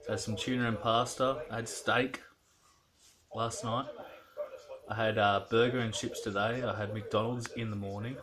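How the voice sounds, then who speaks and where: A man's voice: on the low side, fairly even intonation, normal speed, a crowd in the background. An Australian man rambling casually through a video diary in a laid-back, slangy way. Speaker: vlogger.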